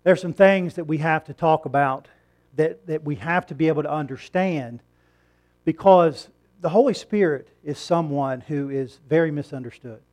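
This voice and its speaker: A middle-aged male pastor delivering a Sunday sermon, talking in a relaxed, conversational way. His voice sits a little higher than most men's, and he pushes it up and louder when he drives a point home. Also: moderate pace. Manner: conversational preaching, rising emphatic on key points.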